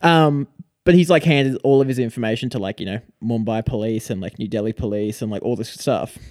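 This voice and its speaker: A young man co-hosting a podcast, telling a story in a lively casual chat, heavy on "like". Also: mid-range voice, fairly quick, no echo, studio quality. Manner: animated storytelling with frequent "like" fillers. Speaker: podcast co-host.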